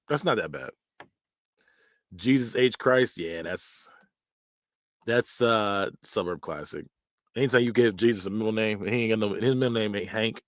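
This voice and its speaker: A man's voice: on the low side, dry recording. Guy doing casual tier list commentary, laughs a lot, blunt slangy talk, dry room. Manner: animated, laughs often, repeats phrases in mock voices. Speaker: podcast host.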